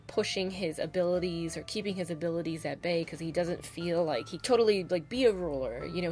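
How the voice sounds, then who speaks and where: A woman casually reviewing a novel on her channel, gushing and chatty, with lots of "like" and "oh my God". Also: on the low side. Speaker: book reviewer. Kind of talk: casual spoiler-filled book review.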